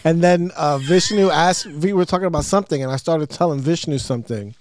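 A man's voice: a little high, brisk, darkish tone, dry recording, studio quality. A man hosting a podcast, telling stories in casual chat with lots of swearing and laughter. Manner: swearing, storytelling, laughing often. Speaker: podcast host. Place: studio.

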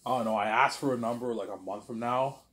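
A vlog host talks to camera in a medium-pitched, slightly bright voice, speaking fast. He rambles casually, stumbles and restarts, swears freely, uses crude slang, and keeps repeating "obviously" and "you know what I'm saying."

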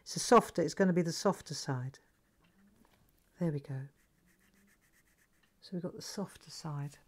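Gentle, soothing woman teaching crafts. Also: deep voice, unhurried, breathy edge. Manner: gentle, soothing, chatty, coaxing viewers by name. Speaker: craft tutor hosting a live stream. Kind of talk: live craft demonstration.

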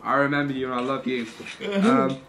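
A young man, a podcast guest telling anecdotes in a casual, animated way, swearing and laughing as he goes. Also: mid-range voice, fairly quick, slight background noise. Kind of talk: casual storytelling.

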